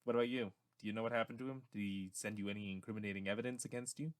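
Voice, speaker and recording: Man doing a monotone wary roommate. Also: lowish voice, rapid-fire, clean tone, natural voice. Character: young male roommate, wary and flat.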